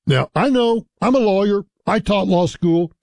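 A man's voice: high-pitched, normal speed, vocal fry, darkish tone, dry recording. A middle-aged man hosting a talk radio show, speaking conversationally and emphatically, repeating key phrases to drive a point home.

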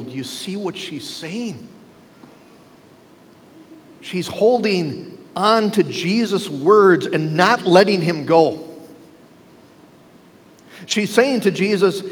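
A man's voice: high voice, expressive, slow pace, pauses often, breathy edge. A male pastor preaching a sermon, driving his points home with rhetorical questions to the congregation. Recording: long reverb with faint ambience.

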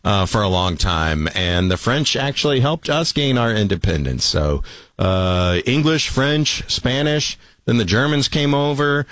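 A man hosting a late-night call-in radio show as a fill-in, talking in a relaxed, conversational way that drops low at the ends of phrases. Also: measured pace, no echo.

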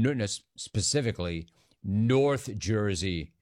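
A man's voice: mid-range voice, sing-song, normal speed. A man hosting a call-in radio show, taking callers with a playful, joking delivery. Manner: playful, jokey, sing-song riffs. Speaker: radio talk show host.

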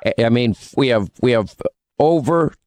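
A man's voice: mid-range voice, animated, moderate pace, a little mellow, no echo. A man hosting a political talk radio show, opinionated and teasing with callers.

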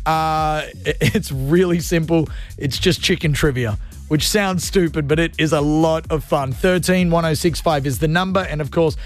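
A man's voice: a little high, normal speed, faint music behind. A man hosting a radio call-in show, tired from no sleep, goofy and self-mocking.

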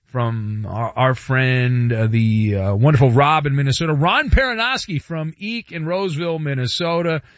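A man's voice: mid-range voice, expressive, moderate pace, few pauses, no echo. A man hosting a sports radio show, bantering loosely and cracking jokes. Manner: wisecracking, loose, playful. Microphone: studio microphone. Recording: slightly dull broadcast audio.

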